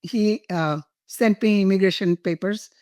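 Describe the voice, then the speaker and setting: A woman's voice: medium pitch, a little slow, no echo, clean studio sound. An older woman from India, a guest telling personal stories in an interview, laughing and emotional at times. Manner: warm, laughing, emotional storytelling.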